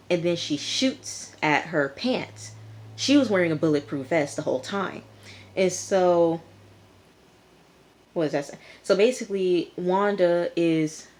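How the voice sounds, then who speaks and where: A woman recapping and reviewing a TV episode in a chatty, rambling way, recorded on a hand-held phone. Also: fairly low pitch. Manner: chatty, rambling, with frequent fillers. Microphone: phone camera held in hand.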